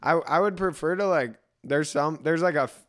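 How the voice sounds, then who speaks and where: Laid-back young man, smooth slangy chat. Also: a little high, moderate pace, a bit bright. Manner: laid-back slangy storyteller, lots of "like" and "dude". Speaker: podcast guest. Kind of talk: casual chat.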